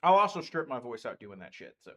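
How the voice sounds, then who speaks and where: A man's voice: mid-range voice, sing-song, fast talker, fairly bright tone. A man acting as dungeon master, chatting casually on a livestream in a game store and rambling through game lore with lots of fillers.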